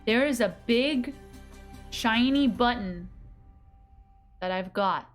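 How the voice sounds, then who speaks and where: A woman's voice: a little high, takes it slowly, soft background music. A woman streaming a game, chatting casually with her viewers in a bubbly, giggly manner. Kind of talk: casual live-stream chat while gaming.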